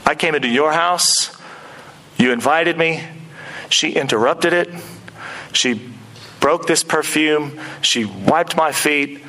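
A man's voice: on the high side, takes it slowly, long pauses, sharp tone, pitched below the performer's own voice, full character voice. A man acting out a stern male teacher who bluntly rebukes his dinner host in plain, pointed talk. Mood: rebuking.

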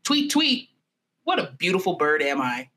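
A woman's voice: lowish voice, sing-song, moderate pace, bright, forceful tone. A woman voicing a small magical bird, reciting its song in a sing-song way. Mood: eerie, singsong. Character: small magical singing bird, boastful ghost of a boy.

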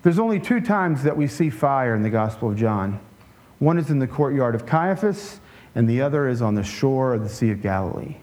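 A man preaching a conversational sermon in a relaxed way, with joking asides and frequent restarts. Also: mid-range voice, moderate pace. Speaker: pastor.

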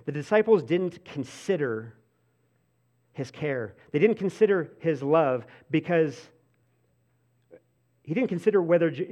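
A slightly high-voiced pastor gives a loose, chatty sermon full of "like" and restarts, swinging from lively outbursts to gentle, hushed moments.

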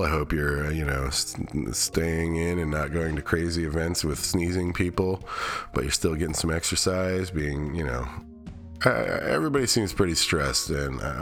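A man's voice: very deep voice, a bit bright. A middle-aged man hosting his own podcast, giving a candid, rambling weekly update full of restarts and wry asides. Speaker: podcast host. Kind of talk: casual solo update.

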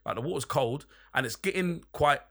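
A man's voice: on the high side, animated, a little fast, vocal fry. A young man telling a long, rambling, sweary anecdote in casual chat among friends. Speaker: podcast storyteller.

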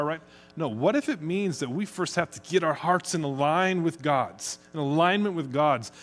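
A man's voice: fairly high pitch, normal speed. A middle-aged man from the United States, preaching a conversational sermon as pastor. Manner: conversational, chatty, speeds up when excited.

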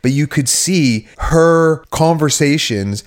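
A man's voice: fairly high pitch, expressive, slow pace. A young adult man co-hosting a podcast, casually and earnestly laying out his theories. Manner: earnest, builds theories, restarts often. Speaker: podcast co-host. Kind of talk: casual chat.

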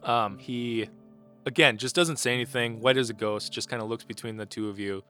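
A man running a tabletop role-playing game, narrating in a relaxed way with many fillers. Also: medium pitch, a little fast, faint music behind. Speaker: game master.

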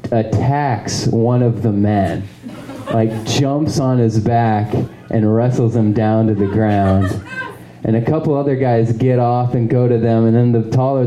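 A man's voice: fairly low pitch, warm tone, reverberant, rough recording. A man telling a story at a live show, rambling with lots of fillers and chuckling at his own tale. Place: live show in a small venue.

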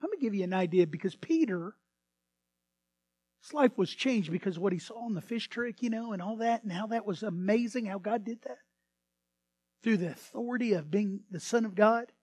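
A man preaching a sermon as pastor, swinging between hushed asides and sudden loud bursts. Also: high-pitched, normal speed, no echo.

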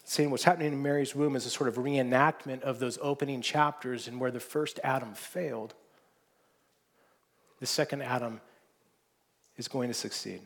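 A man's voice: medium pitch, steady tone, moderate pace, vocal fry, long pauses, fairly bright tone. A man preaching a sermon, earnest and often restarting his words, rising into emphatic stretches. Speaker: pastor.

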